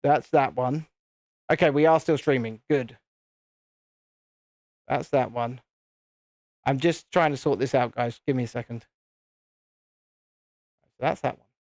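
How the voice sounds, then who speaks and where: A man's voice: medium pitch, unhurried, long pauses, a little mellow, dry recording, studio quality. A British man hosting a live stream, chatting casually to viewers in a self-deprecating, easily flustered way. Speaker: channel host.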